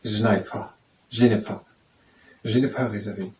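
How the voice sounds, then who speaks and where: A man's voice: on the low side, fairly even intonation, darkish tone. Man practicing French phrases. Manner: slow, repetitive, trying out pronunciations. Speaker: language and exercise tutor. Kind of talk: practicing French phrases aloud, then leading exercises. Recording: distant mic with faint background noise.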